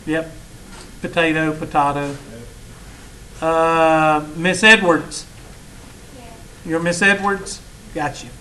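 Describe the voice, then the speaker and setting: A man talking to his students, folksy and teasing as he spins a story. His voice is bright and forceful, and there is a faint hiss of background noise in the classroom. He pitches a little higher than most men. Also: steady tone, slow pace, pauses often, rough recording. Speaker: college math instructor. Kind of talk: casual classroom talk.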